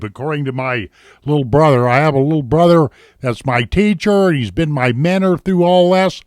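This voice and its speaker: A man from Montana, rambling folksily through a casual product review at home on a webcam. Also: a little high. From Montana, USA. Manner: folksy, rambling, addresses viewers as ladies and gentlemen. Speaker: vlogger reviewing vape gear.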